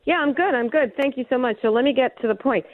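A woman's voice: high-pitched, quick pace. Breathless woman caller on a phone line. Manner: rambling, emphatic.

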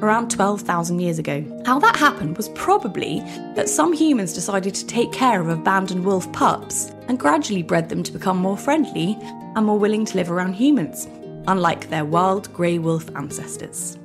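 Lively woman hosting a children's podcast. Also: medium pitch, moderate pace, over music. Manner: animated, asks listeners questions. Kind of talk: scripted narration for children.

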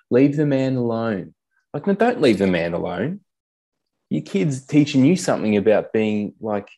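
As a podcast guest, a young man with a warm, lowish voice tells stories candidly in conversation. He's blunt, swears casually, and calls people mate.

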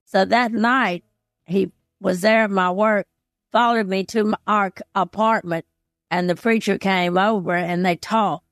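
A woman's voice: medium pitch, fairly even intonation, a little slow, no room sound, studio quality, soft background music. An older woman as an interview guest, telling a personal story in an earnest, heartfelt way. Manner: earnest, heartfelt, retells past conversations.

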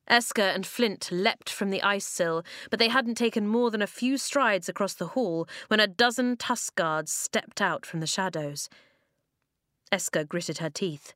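A woman's voice: medium pitch, unhurried, a bit bright, no echo, clean studio sound. Woman reading a storybook aloud. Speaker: narrator.

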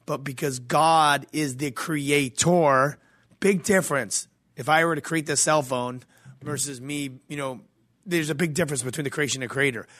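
A man hosts a podcast, reacting with enthusiasm and drifting into preachy reflection. His voice sits a bit high for a man. The sound is dry and close, with no room echo. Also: normal speed, a bit bright. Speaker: podcast host. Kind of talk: casual interview commentary.

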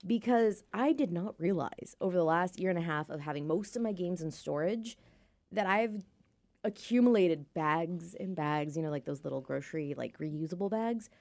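A woman's voice: lowish voice, expressive, normal speed, darkish tone. A woman co-hosting a casual podcast, chatty and teasing, her voice jumping up when she quotes herself. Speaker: podcast co-host. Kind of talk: casual chat.

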